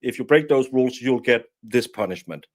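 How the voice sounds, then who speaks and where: Casting: Danish-born male guest, halting, restarts sentences, average pitch. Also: lively intonation. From Denmark. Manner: halting, repeats words while thinking. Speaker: guest commentator. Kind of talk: casual commentary chat.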